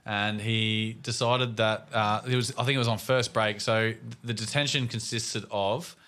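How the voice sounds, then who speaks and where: An Australian man in his thirties tells stories about his kids on a casual podcast. He drops dry, wry asides, and he speaks in a lowish voice with a bright, forward tone. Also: fairly even intonation, a little slow. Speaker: podcast co-host. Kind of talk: casual chat.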